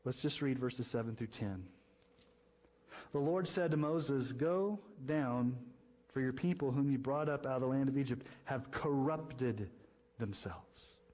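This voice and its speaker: A man preaching from the pulpit in a passionate sermon voice. He reads scripture aloud and swings up sharply in pitch and volume to hammer home his points, then drops back to a steady mid-range tone. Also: a little slow, rough recording. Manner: impassioned preaching, climbs high and loud when stressing points. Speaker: pastor.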